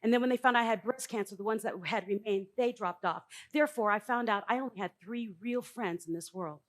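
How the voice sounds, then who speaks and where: A middle-aged woman giving a live motivational talk on a conference stage, blunt and emphatic, jumping from loud bursts to quiet asides. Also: mid-range voice, a little fast. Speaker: conference speaker.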